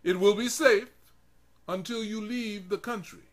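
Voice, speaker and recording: A man's voice: sits high, fairly even intonation, a little slow, pitched above the performer's own voice. A man voicing stern, greedy male customs officers who make hard, hissing demands in a storytelling reading. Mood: demanding.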